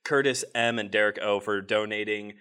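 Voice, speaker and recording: A man's voice: lowish voice, fairly even intonation, normal speed, bright, forceful tone, clean tone. Upbeat joking man hosting live. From northern US. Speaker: podcast host. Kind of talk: live podcast chat. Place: church hall with live audience.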